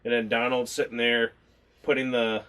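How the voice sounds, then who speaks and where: A man's voice: mid-range voice, little pitch movement, normal speed, fairly bright tone, smooth. A man co-hosting a casual movie review chat, rambling, swearing freely and laughing as he talks.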